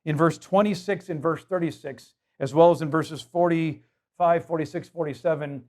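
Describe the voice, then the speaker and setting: A man's voice: fairly high pitch, fairly even intonation, normal speed, a little mellow. A man preaching a sermon as pastor, emphatic and conversational, putting rhetorical questions to his congregation.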